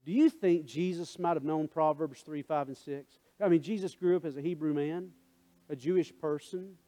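A male pastor preaching a sermon, swinging between hushed prayer and loud, emphatic calls to the congregation. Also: fairly high pitch, moderate pace. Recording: faint guitar music underneath.

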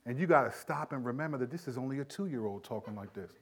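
A middle-aged male pastor preaching a sermon, animated, acting out everyday dialogue as he teaches. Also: mid-range voice, quick pace, husky.

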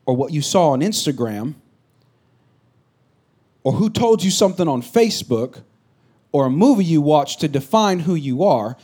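A middle-aged man giving a sermon with a fairly high voice. He talks casually and jokes with the congregation, then rises into loud, emphatic bursts. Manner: conversational, joking preacher with rising emphatic bursts. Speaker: pastor.

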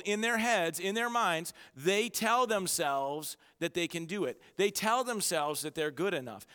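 A man preaching a sermon to his church, with energetic storytelling and self-mocking humor. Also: high voice, smooth, big-room sound. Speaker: pastor. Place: church auditorium.

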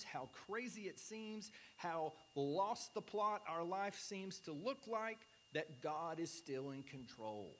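A man in his forties, a pastor preaching an earnest sermon, slowing down to stress key points. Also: fairly high pitch, fairly bright tone, slight background noise.

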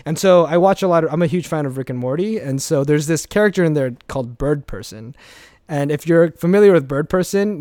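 Young adult male guest, fairly high voice, rambling and profane, dry close mic. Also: brisk, no room sound. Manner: rambling with restarts, swears freely, animated. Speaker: guest, former speech competitor. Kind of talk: casual interview chat.

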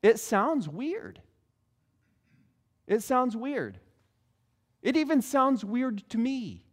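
A middle-aged man preaching a sermon, telling stories with animated delivery and acting out the voices of others. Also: very high voice, very slow. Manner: animated storytelling, acts out quoted voices. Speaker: pastor.

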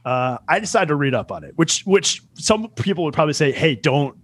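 Guy in his 40s rambling thru a funny story, kinda high voice, self-mocking. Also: expressive, fast talker, fairly bright tone, breathy edge, no room sound. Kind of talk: casual storytelling chat.

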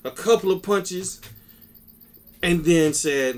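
A man co-hosting a casual wrestling podcast, ranting in an animated, profane and excitable way. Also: on the high side, measured pace. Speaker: podcast co-host.

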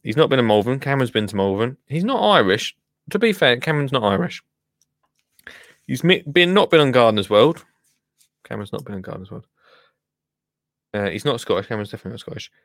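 A man's voice: medium pitch, very animated, fast, long pauses, fairly bright tone, no room sound, studio quality. A man hosting a casual livestream, chatty and laughing, often muttering to himself and trailing off while he works the computer. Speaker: livestream host. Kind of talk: casual live-stream chat.

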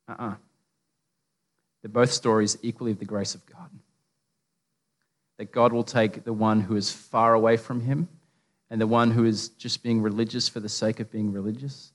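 This pastor has a fairly low voice, a flat delivery and a moderate pace with frequent pauses. Speaking with an Australian accent, he preaches a casual, funny sermon of stories and asides, echoing with the long reverb of a big hall.

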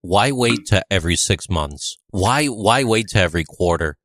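A man's voice: lowish voice, animated, normal speed, fairly bright tone, slight background noise. A man co-hosting a casual conversation podcast, joking and firing off rhetorical questions. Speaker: podcast co-host.

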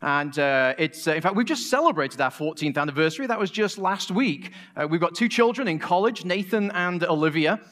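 High-voiced Manchester English preacher. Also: male voice, expressive, brisk, few pauses, fairly bright tone. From England. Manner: conversational and joking, with a few restarts. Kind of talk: sermon.

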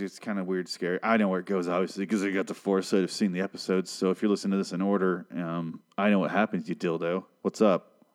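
Low-voiced, foul-mouthed man ranting casually. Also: darkish tone. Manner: profane, rambling, sarcastic. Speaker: podcast host recapping a TV show. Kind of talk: casual solo recap and rant.

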